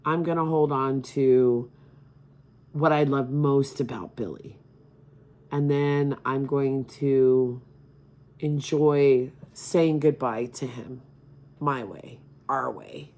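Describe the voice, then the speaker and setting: A middle-aged woman speaking as a grieving mother, emotional and halting, near tears at times. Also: very deep voice, steady tone, mellow. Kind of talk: personal appeal to camera.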